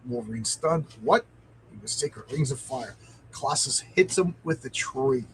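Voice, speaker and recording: A man's voice: medium pitch, animated, unhurried, slight background noise, rough recording. A man hosting a live stream, reading a comic aloud with enthusiasm and answering viewer comments.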